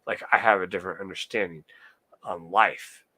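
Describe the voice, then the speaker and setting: A man's voice: deep voice, fairly even intonation, normal speed, bright, forceful tone, slightly rough, no echo. A young man streaming live, ranting heatedly and swearing a lot while answering his chat. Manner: profane, heated, talks to chat. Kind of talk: casual ranting monologue.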